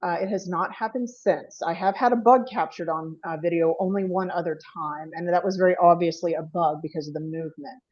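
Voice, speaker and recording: A woman's voice: lowish voice, brisk, hardly any pauses, darkish tone, muffled recording. A woman presenting her paranormal investigations at an online panel, chatty and apologetic, laughing often. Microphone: video call.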